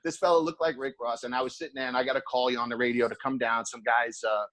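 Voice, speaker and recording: A man's voice: medium pitch, fairly even intonation, fast, a bit bright. A middle-aged man, a former nightclub head of security, telling stories in a casual podcast chat and acting out the dialogue he quotes.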